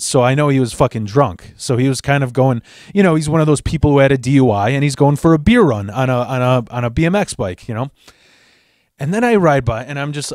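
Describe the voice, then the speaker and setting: A man hosting a show, telling a story in a casual, animated and profane way. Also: medium pitch, no echo, clean studio sound. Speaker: host.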